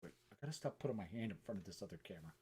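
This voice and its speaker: A man's voice: low voice, expressive, rapid-fire, dark tone, husky. A man live streaming as a chalk artist, rambling casually and talking to himself between remarks. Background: faint music.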